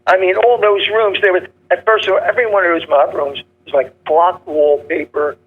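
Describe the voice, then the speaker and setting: An older man telling comedy stories in a punchy, joke-driven way, acting out gruff characters. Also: sits high, fairly even intonation, normal speed, phone-quality sound. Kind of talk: casual storytelling interview.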